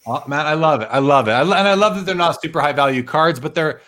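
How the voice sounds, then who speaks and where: A man's voice: a little high, lively intonation, quick pace, fairly bright tone. A man hosting a live interview show in a friendly, conversational manner. He asks questions and reads out viewer comments. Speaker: host.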